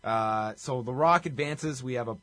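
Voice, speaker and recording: A podcast co-host wryly recaps a show from his notes in clipped bursts during a casual chat. His medium-pitched voice is fairly bright at a moderate pace, with no room sound.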